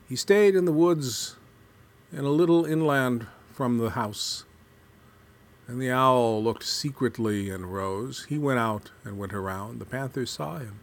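A man reading a folk tale aloud with a measured, deliberate storytelling cadence. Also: medium pitch.

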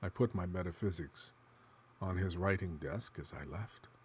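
A man reading literary fiction aloud in the first person, musing and dramatic, sometimes dropping to a hush. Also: sits low, normal speed, slight background noise. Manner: dramatic, shifting between musing and hushed tones. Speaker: narrator.

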